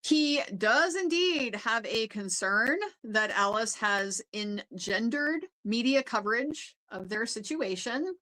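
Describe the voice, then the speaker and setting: A woman's voice: on the high side, a bit bright, rough recording. An American woman giving a chatty, casual recap of a court trial, with frequent fillers and laughs. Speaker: legal commentator.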